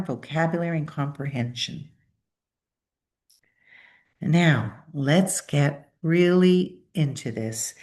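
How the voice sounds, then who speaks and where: Low-pitched woman, spanish is her first language, teaching sounds to a crowd, coaxing everyone to say them back. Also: darkish tone. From Spanish-speaking. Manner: demonstrates speech sounds aloud, coaxing. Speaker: presenter. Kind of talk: conference presentation.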